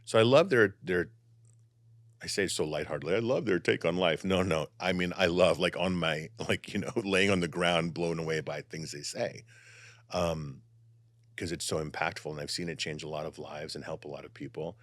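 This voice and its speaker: A man who is a psychic and channeler, talking in an animated, expressive way and easing into calm guided meditation. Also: very deep voice, moderate pace, no room sound. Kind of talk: casual conversation and guided meditation.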